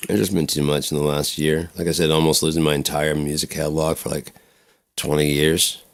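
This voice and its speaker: Low rambling man, casual and crude. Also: little pitch movement, a little fast. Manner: low, rambling, swears freely, acts out voices in stories. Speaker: vlogger. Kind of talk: rambling personal vlog.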